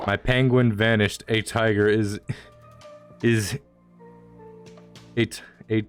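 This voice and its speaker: A man's voice: on the low side, flat delivery, takes it slowly, soft background music. A man streaming a video game, talking casually in a rambling, jokey way with mock-dramatic lines. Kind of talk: casual gameplay commentary.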